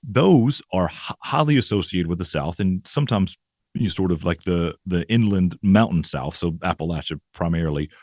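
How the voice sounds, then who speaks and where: A man's voice: deep voice, expressive, moderate pace, darkish tone, dry recording, studio quality. A man, a professor guest in an interview, explaining ideas thoughtfully with frequent restarts and "right?" tags. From American South.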